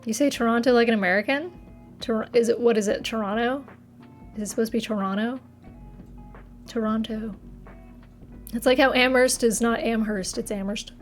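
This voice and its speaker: A young woman with a northern US accent chats on a livestream, her fairly high voice bright with giggles as she banters with viewers. She talks into a desk mic with faint music underneath. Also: quick pace. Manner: chatty, giggly, answers viewer chat playfully. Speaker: streamer. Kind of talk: casual livestream chat. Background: faint background music.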